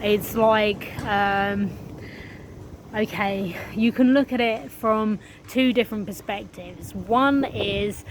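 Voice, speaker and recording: Slow, earnest woman talking spirituality. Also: mid-range voice, heavy background noise. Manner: earnest, swears freely, slow and drawn out. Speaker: spiritual vlogger. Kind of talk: casual spiritual monologue.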